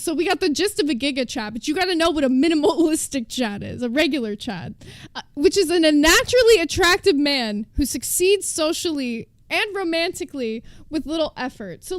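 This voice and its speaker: Woman streamer, high-pitched, casual and joking, dry recording. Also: no echo. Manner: chatty, joking, reads terms aloud to chat. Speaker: livestreamer.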